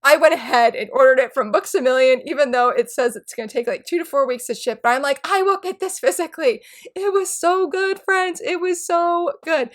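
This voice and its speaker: A woman in her thirties chatting excitedly in a casual book vlog, gushing and rambling about what she loves. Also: high voice, fairly quick, few pauses. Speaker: book YouTuber.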